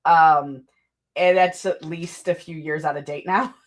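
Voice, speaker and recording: Woman streamer, slightly low voice, casual rambling chat, self-mocking. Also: fairly even intonation, measured pace. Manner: chatty, rambling, self-deprecating. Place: home desk.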